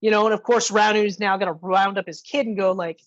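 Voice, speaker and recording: Speaking a little fast in a mid-range voice, this podcast co-host swears freely while she recaps a film's scenes in a laid-back review chat. She performs the characters' lines with lively energy, and the audio has its highs cut off.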